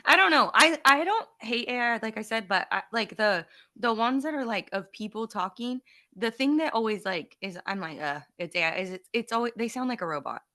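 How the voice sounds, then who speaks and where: A woman in her thirties, co-hosting a podcast in a casual chat, telling lively stories. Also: a little high, a little fast. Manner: animated, laughing storyteller. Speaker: podcast co-host.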